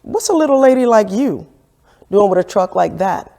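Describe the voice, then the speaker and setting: A woman's voice: medium pitch, animated, moderate pace, vocal fry, dark tone. A woman voicing a Jamaican man who owns a truck-painting shop, asking questions in disbelief. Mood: curious. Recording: echoey room with long reverb.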